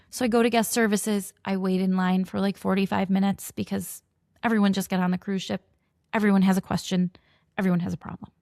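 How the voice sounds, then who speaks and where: A woman's voice: medium pitch, flat delivery, fairly quick, creaky, darkish tone, no echo, clean studio sound. A woman in her forties, a mother, telling a personal story to camera and acting out both sides of each conversation. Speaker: mother of a teenager with food allergies.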